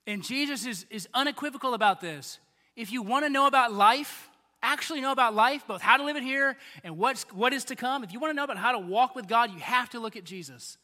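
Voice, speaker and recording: A man with a very high, bright voice preaches a sermon. He talks in a chatty, animated way. His voice rings out with the long reverb of a big hall. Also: fairly quick. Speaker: pastor.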